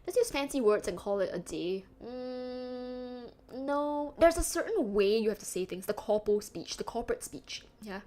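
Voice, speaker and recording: Woman streamer, casual chat, higher voice, chatty and giggly with loose fillers. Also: lively intonation, moderate pace, hardly any pauses, dark tone. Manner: chatty, laughs often, trails off with fillers.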